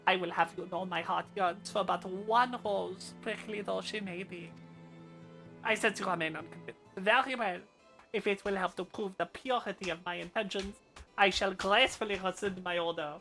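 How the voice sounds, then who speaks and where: A woman's voice: mid-range voice, moderate pace, fairly bright tone, soft background music, close to an everyday voice. A woman voicing a flirtatious, gossipy male noble with a plummy upper-class drawl while reading game dialogue aloud. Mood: teasing.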